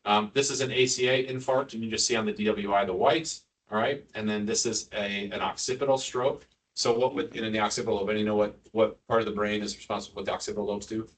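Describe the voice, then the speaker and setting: A man's voice: fairly low pitch, steady tone, fast. Joking male surgeon lecturing from across a room. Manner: casual, quizzing the room, frequent asides. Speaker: neurosurgery lecturer. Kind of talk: joking live lecture to nurses. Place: hospital lecture room with an audience. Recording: distant mic, audience murmur.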